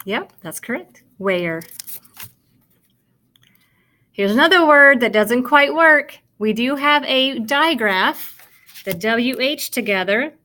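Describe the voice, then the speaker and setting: A woman's voice: on the high side, lively intonation, unhurried, bright, forceful tone. A woman teaching kindergarten sight words, sounding out and spelling each word for young children and praising them as she goes. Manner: encouraging, talks directly to the child watching. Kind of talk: slow, patient phonics lesson for young children.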